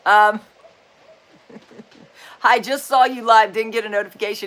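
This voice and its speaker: A woman's voice: on the high side, unhurried, long pauses, a bit bright. A woman in her sixties hosting a casual livestream chat, chatty and folksy, telling corny jokes with an upbeat manner. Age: 60s. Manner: chatty and folksy, often saying "just saying". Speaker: livestream host.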